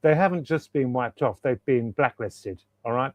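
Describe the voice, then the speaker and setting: A man's voice: medium pitch, animated, moderate pace, a little mellow, dry recording. A man, a guest author chatting enthusiastically in an interview over a video call, rambling and repeating himself for emphasis. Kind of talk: casual interview chat.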